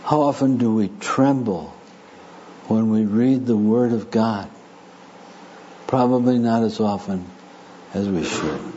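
A man delivers a sermon at a slow, measured pace. His voice sits low and warm, and he speaks deliberately with touches of dry humor. The recording is slightly muffled, with a faint hiss underneath. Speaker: preacher. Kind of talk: sermon with audience discussion.

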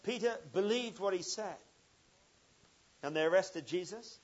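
A man preaching a sermon, telling a story with swings from loud emphasis to quiet intensity. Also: sits high, lively intonation, normal speed, pauses often, highs cut off.

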